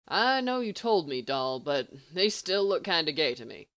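A woman's voice: low-pitched, very animated, moderate pace, a bit bright, no room sound. A woman reading the lines of a cocky hitman who talks in a lazy drawl. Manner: drawling, casual.

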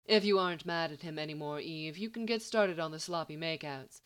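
A woman's voice: deep voice, brisk, clean tone, close to an everyday voice. A woman voicing a sardonic young woman who teases and questions suspiciously. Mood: teasing. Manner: dry, teasing, suspicious.

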